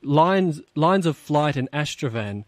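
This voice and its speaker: Aussie radio host guy, friendly, bit halting, dry studio sound. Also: fairly high pitch, expressive, no room sound. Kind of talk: radio interview hosting.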